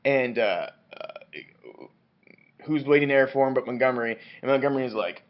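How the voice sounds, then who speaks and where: A man who has had a good deal of wine retells a novel in a loose, rambling way, swearing freely and tripping over his own restarts. His voice sits at an ordinary middle pitch. The recording sounds dull and lo-fi. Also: moderate pace, long pauses. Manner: rambling, profane, many restarts and fillers. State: drunk on wine. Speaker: book reviewer. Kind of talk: rambling comic book review.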